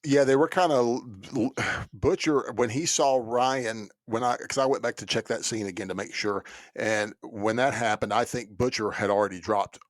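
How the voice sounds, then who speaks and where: A man co-hosting a podcast, chatting casually in a halting way full of restarts and fillers. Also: mid-range voice, dry recording. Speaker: podcast co-host. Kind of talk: casual chat.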